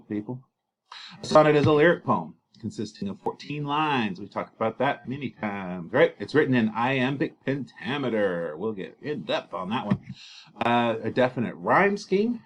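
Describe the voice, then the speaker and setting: Casual male teacher recording a lesson. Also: lowish voice. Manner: casual, joking asides, many fillers. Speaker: English teacher.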